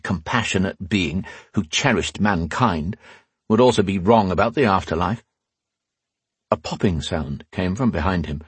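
Low husky guy reading a fantasy story, lots of ups and downs, dry close sound. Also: no echo. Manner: expressive, dramatic storytelling. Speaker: audiobook narrator. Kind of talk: scripted fantasy narration.

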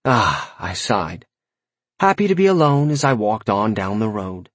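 A man's voice: fairly low pitch, very animated, normal speed, dry recording. A man narrating a first-person fantasy audiobook in a wry, conversational way.

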